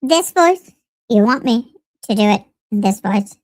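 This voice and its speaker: A woman putting on a high, drawn-out letter-writer voice. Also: animated, darkish tone, no room sound. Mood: anxious. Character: nervous jailed young woman writing a letter. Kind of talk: reading a letter aloud in a put-on voice.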